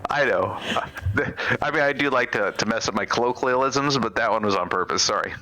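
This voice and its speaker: A man's voice: mid-range voice, fairly quick, pushed and bright. A man co-hosting a live game stream, joking and self-deprecating in casual chat. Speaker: stream co-host and commentator. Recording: faint music behind.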